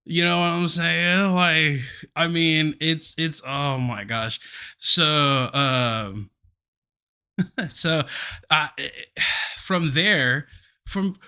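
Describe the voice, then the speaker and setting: A man's voice: on the high side, very slow, long pauses, clean tone. A man co-hosting a podcast, telling a story in casual chat with frequent laughter. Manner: animated, laughs often mid-story. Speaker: podcast co-host.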